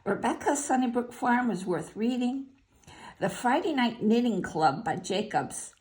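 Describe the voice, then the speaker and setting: An older woman talking casually, listing her favorite books in an unhurried way with fillers and short asides. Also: a little high, expressive, a little mellow. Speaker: vlogger sharing favorite books. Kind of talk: casual spoken list.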